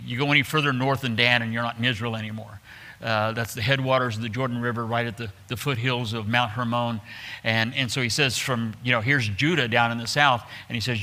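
Bright-voiced man preaching a Bible sermon. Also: medium pitch. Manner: conversational teaching with frequent restarts, reading scripture aloud. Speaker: pastor.

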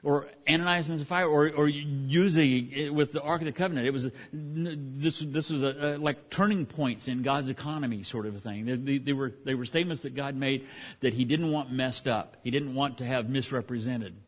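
A man's voice: medium pitch, fairly even intonation, moderate pace. A man teaching from the Bible in a casual, folksy way, with many restarts and fillers, speaking in a church. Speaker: pastor.

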